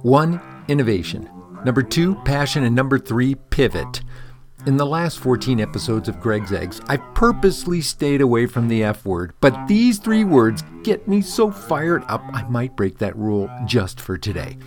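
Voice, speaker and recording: A man presenting a scripted rant segment on a podcast, gruff and profane. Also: mid-range voice, very animated, moderate pace, soft background music, close to an everyday voice.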